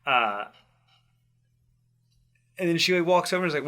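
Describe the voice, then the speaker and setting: A man who coaches tricking athletes, telling a personal story in casual chat, animated and laughing often with loose swearing. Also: medium pitch, fairly quick, pauses often.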